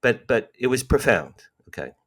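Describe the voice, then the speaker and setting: A gravelly, mid-range male voice with big pitch swings and a fairly bright tone moves at a moderate pace. The speaker, in his sixties and from New Jersey, spins animated tales as a podcast guest, acting out dialogue and repeating points for emphasis.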